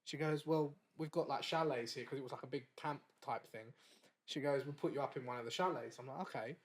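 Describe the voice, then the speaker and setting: A man's voice: medium pitch, fairly quick. A man, a wrestler guest on a podcast, telling a story in casual chat. He laughs often and acts out the quoted dialogue.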